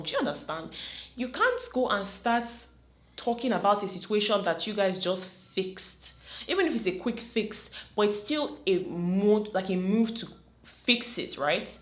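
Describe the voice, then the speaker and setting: A young woman with a Nigerian accent talks to her vlog audience in a chatty, animated way. She slips easily into Nigerian Pidgin. Her mid-range voice carries a roomy echo. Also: medium pitch. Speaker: vlogger. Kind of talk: casual commentary to camera.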